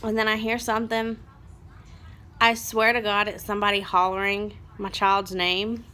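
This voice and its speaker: A mother in her thirties telling a story in a rambling, animated vlog and turning aside to her children. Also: mid-range voice, normal speed. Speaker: mother vlogger.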